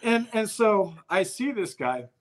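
A man's voice: high voice, big pitch swings, measured pace, a bit bright. A man telling a personal story in a casual conversation, in a blunt, profane way, often acting out what people said. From Albuquerque, New Mexico. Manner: profane, blunt, acts out quoted exchanges.

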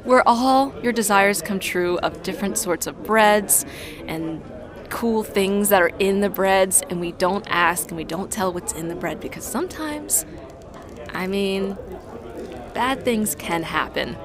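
A woman's voice: medium pitch, a little slow, music in the background, crowd noise, lightly acted. A woman voicing a shifty, chatty young townswoman in improvised role-play, rambling evasively with nervous bursts. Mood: sly.

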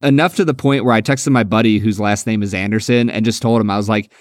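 A man's voice: lowish voice, fairly even intonation, fast talker, dry recording. Enthusiastic laughing man, dry close sound. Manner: enthusiastic, laughs often, uses fillers like "like" and "dude". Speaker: podcast co-host. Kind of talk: casual film discussion.

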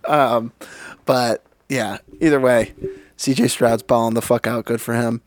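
A man's voice: mid-range voice, steady tone, measured pace, slight background noise. A young man co-hosting a podcast, chatting casually about football, laid-back and swearing often. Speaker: podcast co-host. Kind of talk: casual sports chat.

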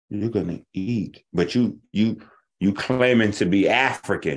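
A man hosts his own online talk show with a low voice that leaps up and down as he goes. He rants in a loose, profane way and keeps slipping into the voices of the people he is arguing with. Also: a little slow. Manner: animated, profane, acts out the people he argues with. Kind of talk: casual livestream monologue.

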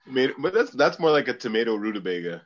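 A man co-hosting a podcast, dropping playful quick remarks in casual chat. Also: mid-range voice, very animated, highs cut off, a little hiss or hum.

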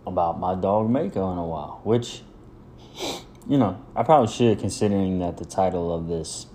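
A deep-voiced man in his thirties hosts his own podcast, rambling casually with a joking, easygoing manner. His low voice carries relaxed, unscripted chatter full of asides. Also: a little hiss or hum. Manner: loose, joking and rambling, with hype openers. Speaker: podcast host. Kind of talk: casual solo podcast talk.

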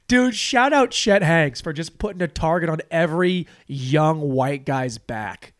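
A man's voice: a little high, animated, measured pace, few pauses, no room sound, clean studio sound. A man hosting a podcast and riffing through a crude comedic monologue, rambling and profane. He slips into mock voices along the way.

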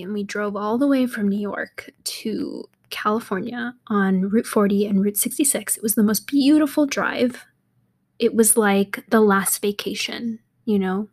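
A young woman hosting a casual solo podcast, chatty and rambling, laughing often and dropping into half-whispers. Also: mid-range voice. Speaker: podcast host. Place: apartment in a city.

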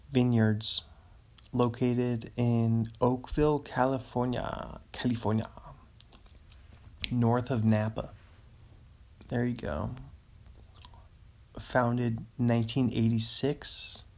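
A man talks through a casual solo podcast at an unhurried, drawn-out pace. His voice has a gravelly, fry-edged texture. He rambles and is easily amused, chuckling as he reads material aloud. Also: medium pitch. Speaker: podcast host.

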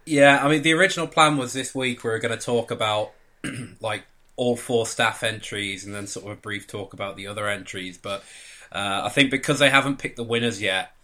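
Bright-voiced man hosting. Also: on the low side. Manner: rambling, chatty, quick to laugh. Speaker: podcast host. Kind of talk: casual chat.

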